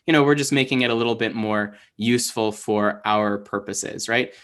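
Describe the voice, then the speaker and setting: A man's voice: on the low side, fairly bright tone. A man teaching an online Hebrew class, explaining patiently with lots of fillers and restarts over a video call.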